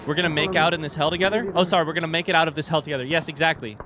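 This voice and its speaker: A man streaming a horror game with casual commentary, animated and wry, swearing and joking as he plays. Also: a little high, rapid-fire, slight background noise. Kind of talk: casual let's-play commentary.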